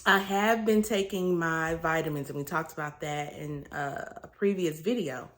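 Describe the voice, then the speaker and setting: Lower-voiced woman chatting candidly to camera. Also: normal speed, fairly bright tone. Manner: chatty, earnest, with frequent fillers and self-corrections. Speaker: vlogger sharing a weight-loss surgery journey. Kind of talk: candid casual update to camera.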